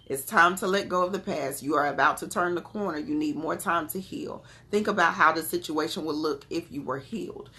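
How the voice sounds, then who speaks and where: A woman's voice: sits low, animated, a little fast, few pauses, sharp tone. A woman giving an oracle card reading to her viewers, casual and affectionate, calling them beloved and urging them on. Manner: casual and chatty with spiritual talk. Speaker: spiritual card reader.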